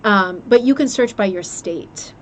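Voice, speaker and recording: A chatty woman hosts a craft club stream at an ordinary mid pitch, gushing and restarting her sentences as she talks into a webcam. A faint hum of room ambience sits under her voice. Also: measured pace. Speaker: host of a rug hooking club livestream. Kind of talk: casual chat, reviewing a book.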